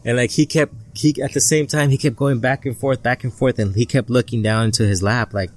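A man telling a personal story as an interview guest, halting and repeating words, recorded outdoors at a family barbecue. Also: mid-range voice, steady tone, darkish tone. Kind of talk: casual storytelling.

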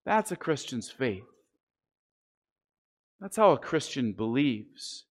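A man preaching a sermon, earnest and deliberate, slowing down on the key phrases. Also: mid-range voice, sing-song. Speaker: pastor.

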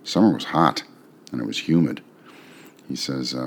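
A man reading a sonnet aloud, then talking through its meaning in a relaxed, musing way with rhetorical questions. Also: rumbling low, moderate pace, vocal fry, pauses often. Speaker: poetry reader and explainer. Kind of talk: poetry reading and casual commentary.

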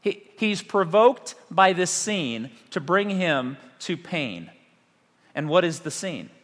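Male pastor, animated sermon delivery with dramatic pauses; long hall reverb. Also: high voice. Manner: animated preaching with rhetorical questions and dramatic pauses.

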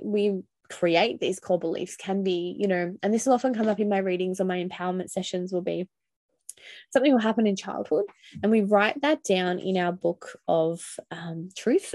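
Woman podcaster thinking out loud, candid and casual, swears now and then, mid-pitched, dry close mic. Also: no room sound. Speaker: podcast host and coach. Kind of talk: solo podcast monologue.

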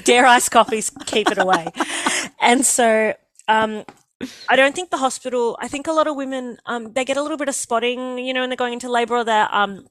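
A young woman with an Australian accent tells her story in a lively, joking way. She acts out the lines of the people in it as she goes. The sound is dry and close. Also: a little high, brisk, dry recording. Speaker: guest telling her birth story. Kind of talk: casual storytelling.

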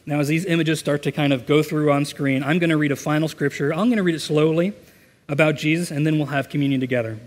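A man's voice: on the high side, steady tone, fast talker. A man preaching a sermon in a church, earnest and conversational, reading scripture and leading a prayer. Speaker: pastor. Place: church sanctuary. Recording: long hall reverb.

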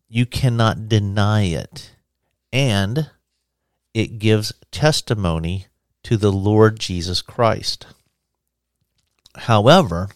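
A man's voice: lowish voice, clean tone, no echo. A man hosting a Christian teaching podcast, praying and preaching in an earnest, conversational way on a close mic. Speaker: podcast host and open-air preacher.

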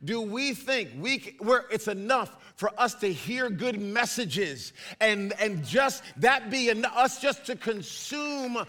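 A man preaching as a pastor, animated and acting out little scenes in put-on voices. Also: high voice, slow, few pauses. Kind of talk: sermon.

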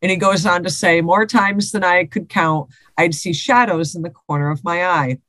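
A woman's voice: on the low side, moderate pace, a bit bright, no room sound. A woman co-hosting a podcast, chatting casually and reading listener stories aloud with laughs and swearing. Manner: laughing, swearing, repeats herself.

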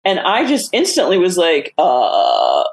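Here a middle-aged woman, author of a memoir, tells personal anecdotes during an easygoing interview. Her voice sits low and moves at a moderate pace, and she stays animated, laughing often.

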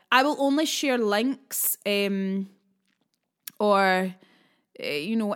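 A woman's voice: mid-range voice, clean tone. Frank Scottish woman podcast host. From Scotland. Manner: frank, chatty, sassy asides. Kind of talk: casual self-help podcast talk.

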